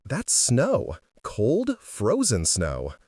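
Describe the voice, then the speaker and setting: A man's voice: on the low side, huge pitch swings, unhurried, darkish tone, husky, dry recording, studio quality, heavily acted. A man voicing a grouchy, sour teenage girl in an audiobook story. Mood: sulky. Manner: sour, sulky.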